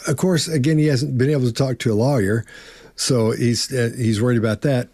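A man's voice: medium pitch, steady tone, fairly quick, warm tone, no echo. A man in a casual panel discussion, talking emphatically and acting out imagined denials. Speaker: body language analyst.

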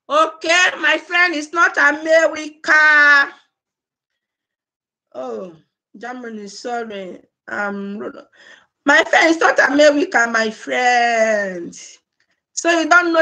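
A woman's voice: high voice, bright, forceful tone. A woman hosting a casual live stream, chatty and laughing often as she greets viewers by name. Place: home in Germany.

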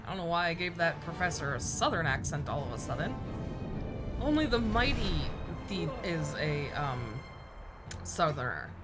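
Over game music, a gameplay commentator talks through her video game in a playful, chatty way with a bit of swearing. Her voice sits low and moves at normal speed, typical let's play commentary.

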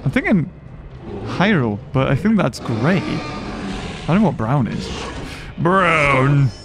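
A young man giving playful, excitable commentary on his own gameplay, joking and reacting as he goes. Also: on the high side, slow pace, noisy background. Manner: playful, jokey, bursts of excitement. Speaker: gaming video host. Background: game music.

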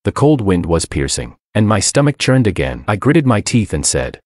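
A man narrates a first-person story in a somber, bitter tone. His voice is very deep yet moves through a wide pitch range. The recording is dry with no room sound. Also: sing-song, normal speed, a little mellow, no echo.

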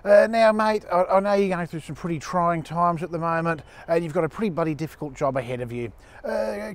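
A man's voice: sits high, natural voice. A man playing a crude brash Aussie ex-crim. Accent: Australian. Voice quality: heavy swearing, blokey drawl. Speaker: comedy character. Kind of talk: scripted comedy monologue.

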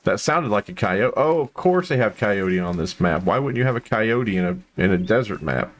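A man giving casual, rambling commentary while playing a hunting video game, full of fillers and sudden excited outbursts. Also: fairly low pitch, normal speed. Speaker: gameplay commentator.

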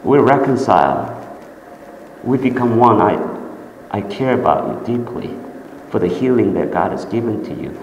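A pastor preaches a personal story, his voice rising high and loud when excited, then falling soft and low. The sound carries a long church-hall echo with a faint background hum. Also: moderate pace, long pauses, highs cut off. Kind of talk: sermon.

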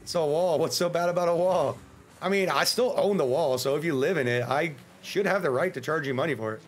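An American man streaming a game, chatting casually in a joking, rambling way and breaking into sudden excited yelps. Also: on the high side, fairly quick, slight background noise. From United States. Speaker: livestreamer. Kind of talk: casual gameplay livestream commentary.

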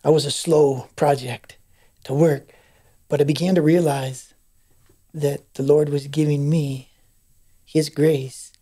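Husky, mellow-voiced man telling a story. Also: a little high, slow, pauses often. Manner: animated storyteller acting out quoted voices. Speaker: podcast guest. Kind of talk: storytelling testimony.

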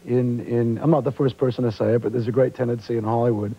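A man's voice: mid-range voice, fast, creaky, husky. A man from Australia who speaks with a New York accent, telling stories as an actor guest on a talk show. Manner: relaxed storytelling, animated. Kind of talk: casual talk show chat. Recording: dull lo-fi 1990s TV tape.

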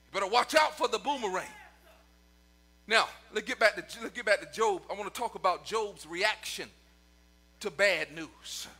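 A man preaching a sermon to his congregation and online viewers, his voice climbing into shouts and sung cadences. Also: sits high, moderate pace. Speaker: pastor.

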